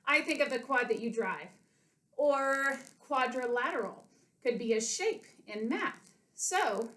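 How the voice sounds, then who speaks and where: A woman's voice: sits high, a bit bright. A woman, an elementary school PE coach, leading children through a home workout, counting reps aloud and explaining in simple words while a little out of breath. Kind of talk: home workout lesson for kids. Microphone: webcam from across the room. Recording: roomy webcam sound from a distance.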